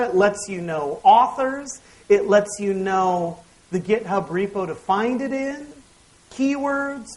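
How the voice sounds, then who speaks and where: A man's voice: high voice, low-quality recording. A man speaks into a stage microphone at a developer conference, walking the audience through a demo step by step. His delivery is conversational and wry, with small jokes dropped between the explanations. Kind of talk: technical conference talk with live demo.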